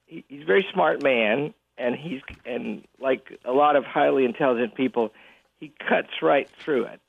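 A man being interviewed on the radio as a college president, chuckling often and talking in halting bursts with many restarts. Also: fairly high pitch, creaky, no echo. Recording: tinny phone line.

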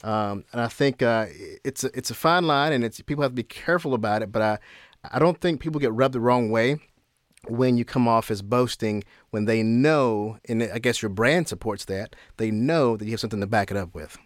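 Male podcast co-host, mid pitch, measured and explanatory, dry close recording. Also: dry recording. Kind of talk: casual podcast conversation.

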